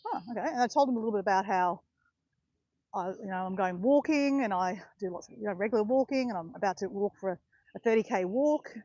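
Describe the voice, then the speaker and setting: Her voice is medium in pitch and warm, and she talks fast while walking through botanical gardens. The woman, a vlogger of about fifty, rambles casually and corrects herself, and the recording has no echo and its highs cut off.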